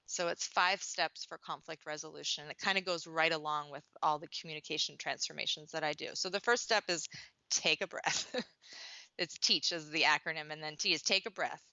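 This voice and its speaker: A woman coach explains things earnestly and talks freely, with lots of fillers and restarts. Her voice is bright and somewhat low. The sound is dry and dull, like lo-fi audio. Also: steady tone, normal speed, no room sound. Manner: earnest, talkative, many "you know" fillers and restarts. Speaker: parenting coach. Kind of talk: conversational interview answer.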